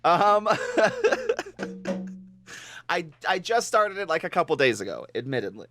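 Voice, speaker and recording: Lively storytelling podcast guy. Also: a little high, unhurried, over music. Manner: storytelling, swearing, laughing often. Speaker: podcast co-host. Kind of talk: casual chat.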